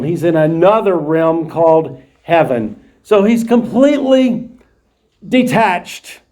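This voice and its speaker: A man's voice: fairly high pitch, a little mellow. A man teaching a verse-by-verse Bible class in a classroom, explaining each verse plainly in his own words. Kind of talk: verse-by-verse Bible study lecture.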